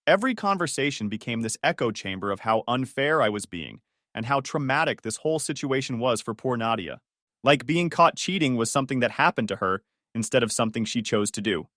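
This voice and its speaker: A man's voice: mid-range voice, very animated, a little fast, a bit bright, no echo. Sardonic young man narrating a story. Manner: dry, sardonic. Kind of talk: scripted first-person story narration.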